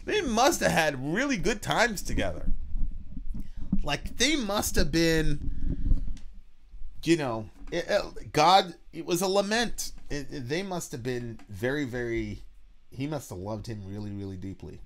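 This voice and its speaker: A man co-hosting a reaction show, telling a personal story in a halting, earnest way with repeated words and casual swearing. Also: fairly high pitch, expressive, a bit bright, a little hiss or hum. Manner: earnest and reflective. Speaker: podcast co-host, father.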